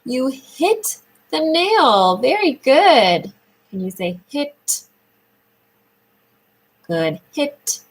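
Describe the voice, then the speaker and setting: A woman speech therapist leading a children's sound lesson, praising often and drawing out words slowly in a sing-song way. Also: sits high, sing-song, slightly rough, low-quality recording.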